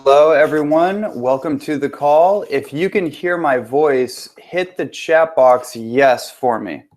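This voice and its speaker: A man's voice: medium pitch, takes it slowly, a little mellow. A man, a transformation coach, hosting a live online webinar with an upbeat manner, greeting viewers and checking that they can hear him.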